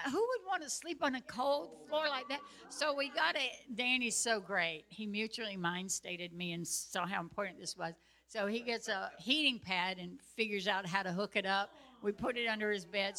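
A chatty woman with a drawl, her voice bright and forward as she tells a homey story to a gathered group. She talks in an animated, easygoing way and slips into laughter now and then. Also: medium pitch. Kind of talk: casual storytelling talk.

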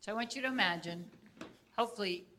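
An older woman with a bright, forward voice teaches casually. She tells stories from her own life, animated and quick to laugh. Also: mid-range voice, a little hiss or hum. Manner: animated storyteller, laughs often.

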